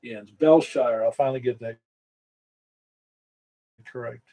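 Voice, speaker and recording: A man's voice: medium pitch, unhurried, dark tone, poor audio. A man acting as net control on a ham radio net, chatting casually and rambling with self-corrections. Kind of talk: casual on-air radio chat.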